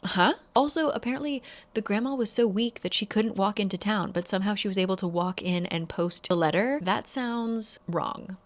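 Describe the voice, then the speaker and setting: A chatty woman talking through a thriller's plot at a mid-range pitch, loose and conversational. She keeps slipping in sarcastic asides and filler "like"s as she goes, breezy and informal throughout. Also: normal speed, hardly any pauses. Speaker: book YouTuber. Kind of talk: casual plot recap.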